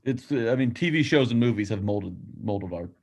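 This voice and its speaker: A man's voice: fairly low pitch, animated, a little fast, a little mellow, slightly rough. A man co-hosting a casual sports podcast, making dry wisecracks and laughing often. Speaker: podcast co-host.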